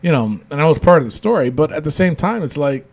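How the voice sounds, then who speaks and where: A man's voice: fairly high pitch, lively intonation, fast. A man hosting a casual wrestling podcast, rambling with lots of fillers and restarts. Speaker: podcast host.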